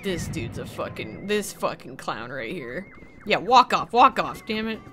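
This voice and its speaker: A woman giving loud, profane commentary over gameplay, scolding and cheering the characters on screen and laughing often. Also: sits low, very animated, unhurried, soft background music. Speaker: gaming video creator.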